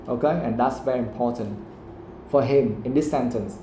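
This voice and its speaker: A man with a Vietnamese accent teaches an English class, repeating and rephrasing his points. His voice is warm and dark. It sounds like an echoey room. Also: medium pitch, normal speed, slight background noise. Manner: explains patiently, repeats himself, switches into Vietnamese to clarify. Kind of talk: live classroom lesson.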